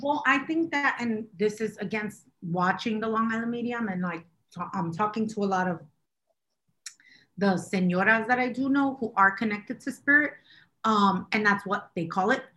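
A woman co-hosting a podcast in casual chat, animated and rambling, often laughing. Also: medium pitch, moderate pace. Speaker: podcast co-host.

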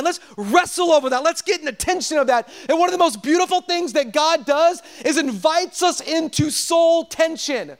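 A pastor preaching an earnest sermon, calling out to his congregation and dropping softer to stress his points. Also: extremely high pitch, expressive, moderate pace, hardly any pauses.

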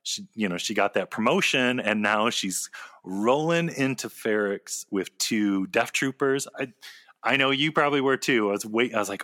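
An animated male podcast co-host talks in quick, excited bursts and laughs often. His voice is bright and forceful. The recording is close and dry, with no room sound. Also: mid-range voice, no room sound. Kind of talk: casual chat recapping a TV episode.

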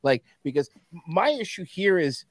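A man's voice: sits high, big pitch swings, normal speed, dry recording, studio quality. A man co-hosting a podcast, talking in blunt, profane, jokey casual chat.

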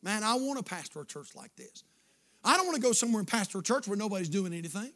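High, bright fervent preacher. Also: male voice, big pitch swings, fast talker. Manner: fervent, repetitive, builds to shouts. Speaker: pastor. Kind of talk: sermon.

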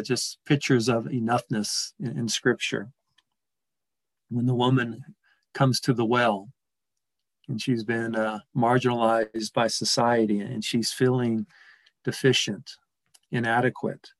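Soft-spoken reflective male preacher. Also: mid-range voice, no room sound, low-quality recording. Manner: gentle, reflective, slows and softens on key words. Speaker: pastor. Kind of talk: sermon.

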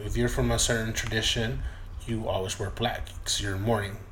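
A man's voice: lowish voice, little pitch movement, a little fast, fairly bright tone, a little hiss or hum. A man telling a personal story in a casual, loose way, full of swearing, who acts out the voices of the people in it. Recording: roomy echoey room.

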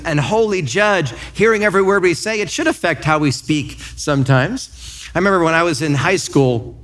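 A man in his thirties, a pastor preaching a sermon in church, telling lively stories and acting out quotes. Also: on the high side. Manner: lively storytelling with acted-out quotes.

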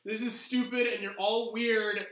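Man playing a teary young office worker, whiny and fed up, pitched up, roomy sound. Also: level tone, unhurried, a bit bright. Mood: tearful, fed up. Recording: roomy echo.

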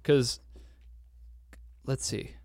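A man's voice: extremely slow, mellow, no echo. Rambling young man on a podcast. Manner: rambling, swears casually, laughs often. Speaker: podcast co-host. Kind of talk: casual chat.

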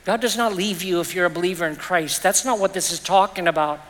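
Speaking quickly in a high-pitched, fairly bright voice, a middle-aged man preaches a sermon as pastor. The church hall is reverberant, and his message is earnest and personal, carried by the stories he tells.

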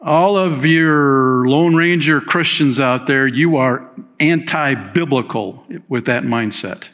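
A man preaching a sermon as pastor, energetic, swinging between loud emphasis and quiet appeals, with rhetorical questions to the congregation. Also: medium pitch, slow.

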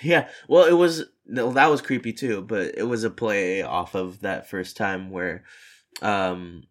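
A woman's voice: very deep voice, a little slow. A woman co-hosting a podcast in casual chat. She is dry and exasperated, and she curses as she agrees. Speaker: podcast co-host.

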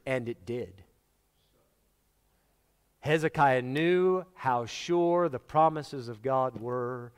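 A man's voice: medium pitch, expressive, slow pace, pauses often, smooth. A man preaching a sermon, telling stories dramatically and acting out the voices of the people in them. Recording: long hall reverb.

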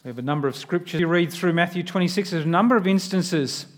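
A preacher with a strikingly high voice gives his sermon at a fast clip. His tone stays earnest and conversational, not lofty, and he keeps pulling listeners in by asking them questions directly.

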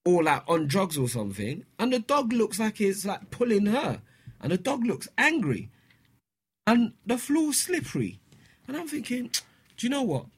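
A man with a high-pitched, husky voice tells a story at normal speed during casual conversation. He's an animated storyteller who acts out what people said.

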